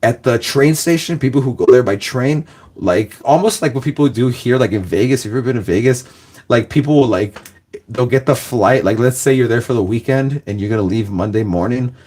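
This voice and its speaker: A man's voice: medium pitch, brisk, a little mellow. A young man telling a long, rambling story in a loose, casual way, full of "like" and "guys" and bursts of laughter.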